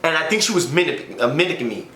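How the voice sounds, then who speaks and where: Young guy, casual storyteller, slangy and animated, a bit high-pitched, echoey room. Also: quick pace. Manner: animated, acts out quotes, slangy. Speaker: co-host telling a story. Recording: echoey room with faint noise.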